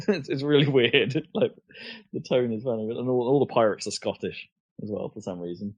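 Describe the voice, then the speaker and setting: A man's voice: medium pitch, a little fast, a little mellow, slightly rough, no room sound. A man co-hosting a podcast, chatting casually, with lots of fillers and restarts. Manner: hesitant, many fillers and restarts. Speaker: podcast co-host. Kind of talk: casual chat. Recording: dull lo-fi podcast audio.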